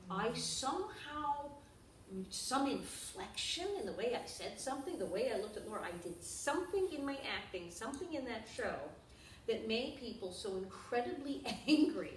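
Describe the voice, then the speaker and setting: A woman guest at a live interview, telling anecdotes in an animated way with laughter and acted-out voices. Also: on the high side, moderate pace. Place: bookshop event space. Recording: echoey room, mic at a distance, audible noise.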